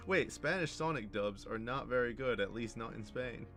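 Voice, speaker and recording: A man co-hosting a live Q&A stream who speaks at a middling pitch. He keeps his answers brief and agreeable, and he giggles often. Faint music sits in the background. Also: unhurried. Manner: soft-spoken, brief agreeing replies, giggly. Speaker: co-host and voice actor.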